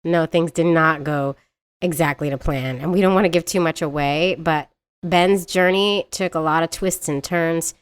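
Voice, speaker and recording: A woman co-hosting a podcast in a slightly low voice. She is bubbly and effusive and laughs a lot as she chats. She keeps the conversation moving with her guest. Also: normal speed, smooth. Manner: bubbly, laughs often, gushing. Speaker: podcast co-host. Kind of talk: casual chat.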